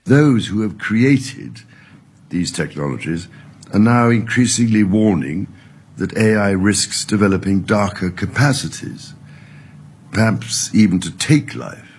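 A man giving a formal, measured prepared speech, played as an archive clip. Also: fairly low pitch, animated, breathy edge. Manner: measured, stately delivery. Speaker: public figure giving a speech.

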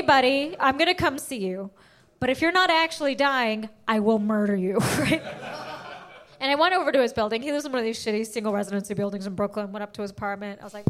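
On a club stage, a young woman performs stand-up, telling her story with animated energy and slipping into the voices of the people she quotes. Her voice sits high, and there is a lot of background noise.

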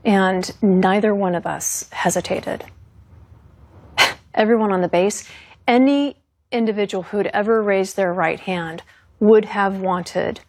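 A woman in her fifties, a former fighter pilot, recounting her experience in an earnest, steady and resolute interview manner. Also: medium pitch, dry recording.

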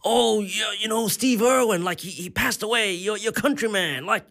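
Man doing a gushing sympathetic stranger, pitched up, earnest and fumbling. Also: moderate pace, gravelly, fairly bright tone. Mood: consoling. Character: earnest sympathetic adult man, overly consoling.

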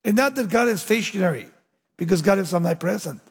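Male preacher with a high, husky voice, emphatic peaks falling to near-whispers, long church reverb. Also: lively intonation, fast. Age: young adult. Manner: dramatic swings between loud emphatic lines and low hushed endings. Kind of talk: sermon.

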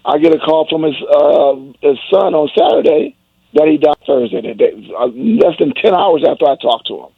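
A man's voice: lively intonation, normal speed, creaky, breathy edge, dry recording. An older man hosting call-in radio talk, emphatic and preachy in manner. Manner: emphatic, preachy, wide swings in pitch. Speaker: radio host. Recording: dry, phone-like radio sound.

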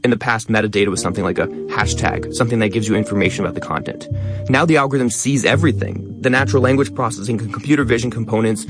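A man talking quickly as a guest in a radio interview, stressing many of his words. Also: on the low side, over music. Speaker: guest, educational content creator.

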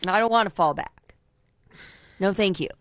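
A woman's voice: medium pitch, moderate pace, a little hiss or hum. A woman co-hosting a talk radio show, chatting casually and voicing exasperated, outspoken opinions. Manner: opinionated, exasperated, repeats herself. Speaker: radio co-host.

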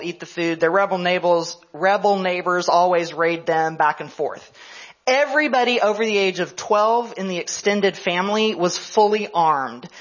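A woman history professor giving a conference lecture, telling events as a story and explaining them as she goes. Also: lowish voice. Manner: storytelling, explanatory, checks in with "right?". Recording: slightly dull lo-fi radio broadcast.

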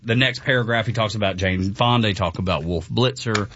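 A man's voice: lowish voice, brisk, fairly bright tone, muffled recording, slight background noise. A man hosting casual radio talk with dry, sarcastic commentary.

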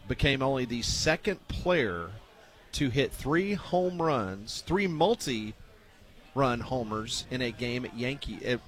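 Guy hosting sports radio, even matter-of-fact read of the scores, regular pitch. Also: takes it slowly.

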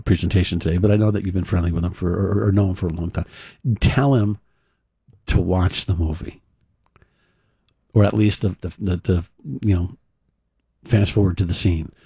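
Male talk radio host, loose storyteller, low-pitched, dry studio sound. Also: mellow, husky, dry recording. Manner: rambling storyteller with fillers and restarts. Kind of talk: casual talk radio monologue.

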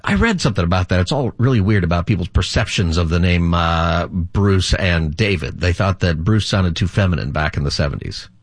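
A man's voice: low-pitched, lively intonation, a little fast, few pauses, no room sound, studio quality. A middle-aged man hosting a call-in radio talk show as a pastor, rambling and chatty, laughing easily.

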